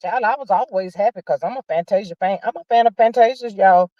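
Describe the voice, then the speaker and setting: A woman hosting a casual livestream, chatting about celebrity news in a sassy, drawn-out way and calling viewers honey and child. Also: mid-range voice, dry recording, muffled recording. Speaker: livestream host. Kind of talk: casual gossip chat.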